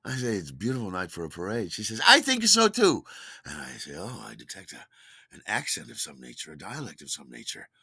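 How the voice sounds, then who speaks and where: A man telling a story in a casual, animated way, delighted with his own tale and acting out quoted lines with big jumps in voice. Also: low voice, quick pace, vocal fry, husky, no room sound.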